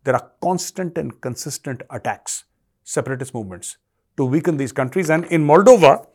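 A man's voice: on the high side, lively intonation, normal speed, a little mellow. Emphatic Indian man giving commentary. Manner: emphatic, repeats key points for weight; lecturing, addresses the audience directly. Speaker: show host and commentator. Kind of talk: solo current affairs commentary.

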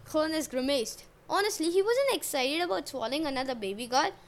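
A woman's voice: high voice, lively intonation, brisk. A woman hosting a casual myth storytelling podcast, narrating with jokey asides and modern slang.

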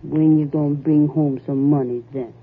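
Scheming coarse wife. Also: female voice, low-pitched, steady tone, moderate pace, breathy edge. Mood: taunting. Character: scheming coarse young wife, bold and greedy. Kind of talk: 1940s radio acting. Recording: tinny old radio broadcast.

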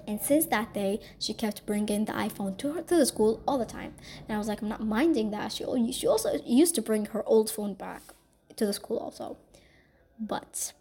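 Woman, podcast host, casual storytelling, rambling and gossipy, mellow tone. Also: fairly high pitch, husky. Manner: rambling, gossipy, tags sentences with "okay?" and "like".

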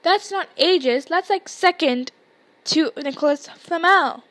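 A woman's voice: extremely high pitch, takes it slowly, a bit bright, pitched above the performer's own voice, full character voice. A woman voicing a bossy, studious schoolgirl witch who talks in an insistent, exasperated way.

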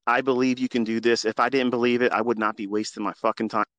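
A man hosting a live audio space, speaking into a phone in an earnest, preachy, profane monologue that swings from quiet to loud. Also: medium pitch, flat delivery, quick pace, dry recording, muffled recording. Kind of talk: impassioned unscripted monologue.

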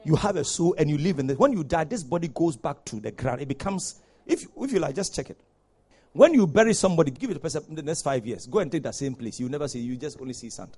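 Male preacher, high and animated, husky tone, fiery sermon delivery. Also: fast talker. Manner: impassioned preaching, swings from hushed to shouting. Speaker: pastor.

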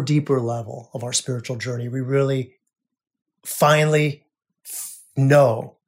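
A man hosting a spiritual podcast, talking earnestly in a monologue, repeating phrases and often dropping to a soft hush. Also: medium pitch. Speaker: podcast host.

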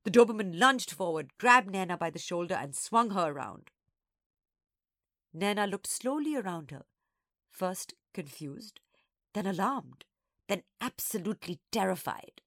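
Expressive woman reading a children's story. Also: medium pitch, unhurried, no room sound, studio quality. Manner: expressive, acts out each character.

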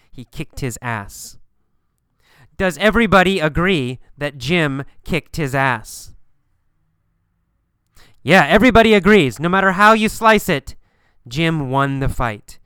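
Through a story, a man teaches English pronunciation, speaking slowly and clearly so every phrase can be copied. His crisp, bright voice rises and falls lively in pitch, and the recording is dry and close with no room sound. He is emphatic, repeating phrases for learners to imitate.

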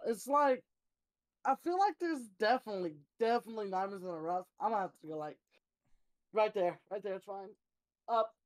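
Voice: medium pitch, lively intonation, fairly quick, a little mellow, dry recording. A speaker in casual podcast chat who hedges their opinions.

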